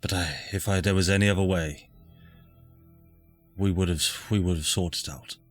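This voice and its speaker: A man voicing a weary, solemn woman leader in a tabletop game, pleading in a grave, measured way. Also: low-pitched, steady tone, faint music behind, close to an everyday voice.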